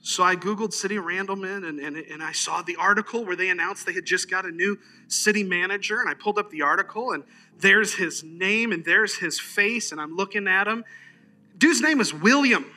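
Bright-voiced male pastor, chatty sermon. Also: high voice, fairly quick. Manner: conversational, animated storyteller, frequent "amen". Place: church service.

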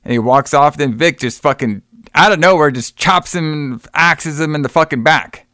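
A man's voice: on the high side, normal speed, bright, forceful tone, dry recording, clean studio sound. A man co-hosting a podcast, retelling a movie in a rambling, casual way with plenty of swearing. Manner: rambling, swearing, acts out quotes with laughs. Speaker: podcast co-host. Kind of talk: casual movie review chat.

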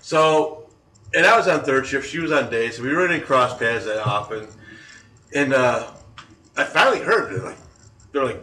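Podcast host, man in his forties, animated anecdotes; bright voice heard from a set-back mic. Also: medium pitch, moderate pace, slight background noise. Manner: animated, laughs through stories. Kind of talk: casual storytelling. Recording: roomy, distant mic.

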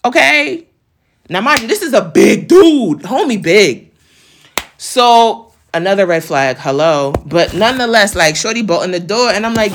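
Profane animated woman telling a story. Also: mid-range voice, moderate pace, a little hiss or hum. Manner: animated, profane, acts out quoted voices. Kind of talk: casual storytelling.

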